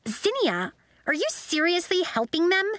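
A woman's voice: very high-pitched, sing-song, a little slow, a bit bright, dry recording, voice pushed up, full character voice. A woman voicing a smug, mocking girl who taunts the others in a sing-song, sneering way. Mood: taunting.

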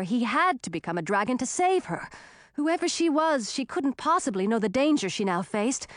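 A woman narrating a fantasy story in an expressive, dramatic reading style. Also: fairly high pitch, dry recording, studio quality. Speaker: audiobook narrator.

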